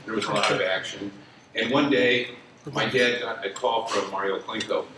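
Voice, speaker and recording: A man's voice: lowish voice, normal speed. A man in his sixties reminiscing at an association event, rambling and conversational with many fillers and restarts. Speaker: lawyer telling a story at an association event. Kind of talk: spoken reminiscence to an audience. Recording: echoey room from far off, dinner noise. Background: clinking cutlery and dishes.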